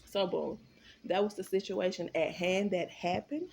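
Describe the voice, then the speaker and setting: Animated, swearing woman telling a story. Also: fairly low pitch, unhurried, creaky, a little hiss or hum. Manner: animated, profane and emphatic. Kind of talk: storytime vlog.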